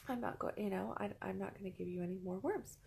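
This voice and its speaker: A woman's voice: mid-range voice, quick pace, gravelly, a little hiss or hum, close to an everyday voice. A woman voicing a sly man in a spoken fable who lures a bird into trading its feathers. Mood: dismissive. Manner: coaxing, then flatly dismissive.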